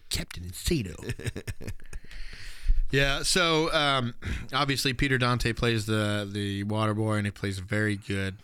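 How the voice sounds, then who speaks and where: A man's voice: fairly low pitch, little pitch movement, slow, pushed and bright, clear, resonant tone. A man co-hosting a podcast, chatting casually about a movie, with frequent fillers and laughs. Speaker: podcast co-host.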